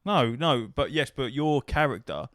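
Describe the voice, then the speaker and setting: A man in casual podcast chat who teases his co-host and swears freely. His voice is smooth and resonant. It is recorded dry and close. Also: medium pitch, expressive, unhurried, no room sound.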